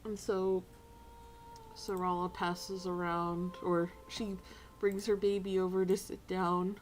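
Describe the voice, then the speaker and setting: A woman's voice: fairly low pitch, little pitch movement, takes it slowly, a little hiss or hum, poor audio. A woman playing a tabletop game who talks expressively, with lots of fillers. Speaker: player.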